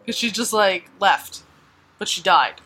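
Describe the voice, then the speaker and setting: A woman's voice: mid-range voice, expressive, measured pace, pushed and bright, a little hiss or hum, low-quality recording. A woman co-hosting a podcast, chatting casually about comics in a dry, blunt way with casual swearing. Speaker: podcast co-host. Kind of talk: casual comic-book chat.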